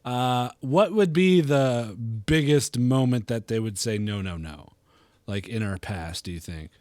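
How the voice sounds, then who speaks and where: A man's voice: medium pitch, measured pace, darkish tone, no echo. A man co-hosting a casual gaming podcast, talking in a jokey, irreverent way. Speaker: podcast co-host.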